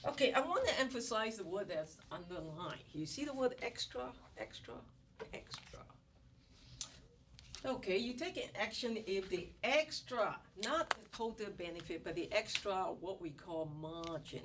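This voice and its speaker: A woman instructor giving an economics lecture in a classroom, animated and repeating key words as she coaxes her students. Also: mid-range voice, moderate pace, hardly any pauses. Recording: distant classroom recording with background noise.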